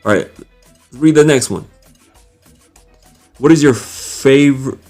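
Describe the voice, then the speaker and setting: A man's voice: medium pitch, takes it slowly, darkish tone, soft background music. A young man hosting a live stream, casually greeting viewers by name and reading their comments aloud with frequent laughs.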